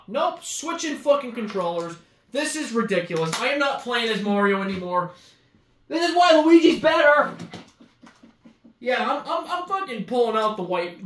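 A woman playing a video game and commenting as she goes, frustrated, swearing a lot and yelling at the game. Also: mid-range voice. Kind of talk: let's-play commentary. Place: room at home while playing a motion-control console. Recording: echoey room with faint game music.

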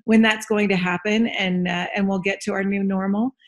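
A woman joins a webinar over a video call as a consultant. She speaks in a thoughtful, measured way at a mid pitch, pausing with soft fillers as she builds her point. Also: steady tone. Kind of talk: webinar discussion.

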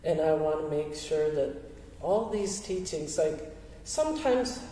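An older woman giving a heartfelt talk with audience questions, speaking gently and reflectively with soft laughs. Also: sits low, expressive, a little slow, slight background noise. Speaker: speaker sharing teachings through her late husband's art. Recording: roomy hall, voice from far off the mic.

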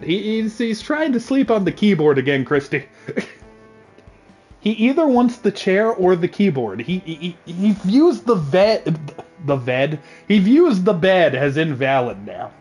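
A man's voice: high voice, big pitch swings, unhurried, darkish tone, husky, faint music behind. A man streaming a game live, chatting casually with viewers in a joking, chatty way. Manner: joking, chatty, reading out chat.

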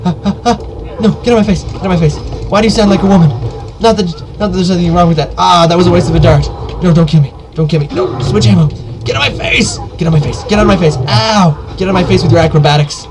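A man giving joking live commentary while playing a game, yelping and shouting during fights. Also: a little high. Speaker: let's play gamer.

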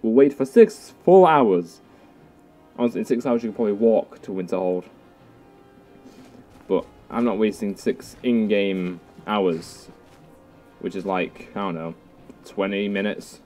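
A man's voice: lowish voice, measured pace, long pauses, darkish tone, soft background music. A young man giving casual, goofy, self-mocking let's play commentary. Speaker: gaming youtuber.

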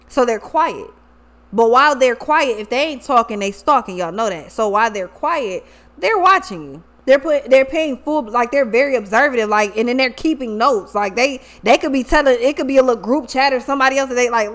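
A woman with a high voice gives a loose, casual tarot reading. She swears freely and talks in animated slang. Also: brisk. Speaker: tarot reader.

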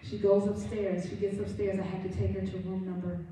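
A woman's voice: medium pitch, flat delivery, brisk, warm tone, far from the mic. A woman minister preaching a sermon in a church, telling a story with earnest emphasis. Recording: very echoey room, voice from afar.

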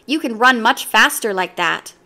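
A woman voicing a patient young male gorilla who looks after his little sister, gentle and coaxing. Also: a little high, expressive, moderate pace, exaggerated voice. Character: kind older brother gorilla, patient.

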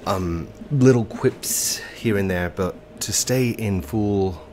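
A man's voice: lowish voice, takes it slowly, a little mellow, a little hiss or hum. A man with a stuffy, congested nose, commentating a video game in a put-on English accent and hesitating with ums and self-corrections. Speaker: let's play host.

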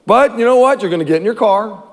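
A male pastor delivers a sermon in a fairly high voice. He tells it as animated storytelling, hammering phrases again and again. A long hall reverb trails each line. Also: quick pace.

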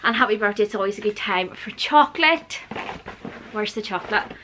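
A woman, gushing excitedly through a casual gift unboxing vlog as a book vlogger. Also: mid-range voice, brisk, a little hiss or hum. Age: 40s. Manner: gushing and excitable, frequent gasps and squeals.

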